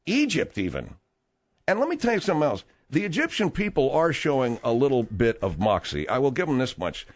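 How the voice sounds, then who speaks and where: A man's voice: medium pitch, huge pitch swings, brisk. A man hosting a radio talk show, bluntly reading news items and throwing in sarcastic asides. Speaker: radio host. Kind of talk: casual radio banter.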